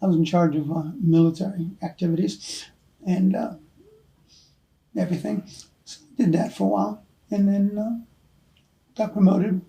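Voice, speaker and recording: In a hotel room, an older American man who served in the Army rambles through anecdotes for an oral history interview, chuckling often and saying "you know" a lot. His gravelly, warm voice sits high, with a flat delivery at normal speed and long pauses. The recording quality is low.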